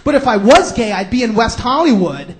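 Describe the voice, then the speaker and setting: A man from New York with a New York accent, doing a stand-up comedy routine with brash, sarcastic ranting and sudden shouts. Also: very high-pitched, very animated, a little fast, noisy background. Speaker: stand-up comic.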